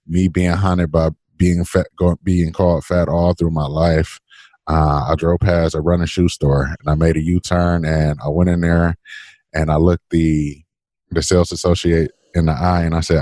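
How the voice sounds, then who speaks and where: A man, telling his story as a podcast guest in a lively, laughing way. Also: sits low, moderate pace, no echo, clean studio sound. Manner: animated, laughing, acts out quoted voices. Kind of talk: casual storytelling.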